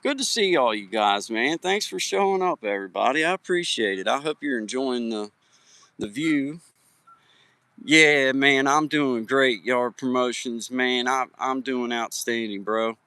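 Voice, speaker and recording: Greeting viewers by name in a folksy, friendly way, this Virginia livestream host chats casually from a hiking trail at sunset with his phone in hand. His medium-pitched voice comes at a measured pace, pushed and bright with a clean tone and no echo.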